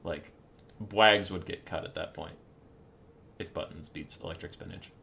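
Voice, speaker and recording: A man hosting a game tournament, giving live commentary in an excitable way, laughing and swearing. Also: sits low, normal speed, creaky, slight background noise. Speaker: tournament host and caster.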